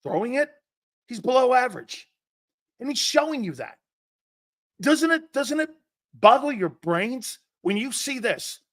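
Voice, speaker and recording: A man's voice: extremely high pitch, very animated, moderate pace, fairly bright tone, no room sound, studio quality. A man hosting a sports talk stream, ranting in a combative, sarcastic way, swearing, repeating his points and answering chat comments. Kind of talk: livestream sports rant.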